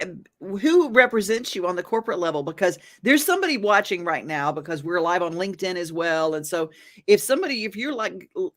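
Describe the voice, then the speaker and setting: A woman's voice: mid-range voice, a bit bright. A woman hosting a live interview show who speaks enthusiastically and laughs often with her guest. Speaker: talk show host.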